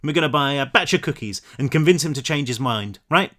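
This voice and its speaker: Brief: man reading as a determined teen girl, earnest and insistent, lively. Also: on the high side, a little fast. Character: anxious determined teenage girl.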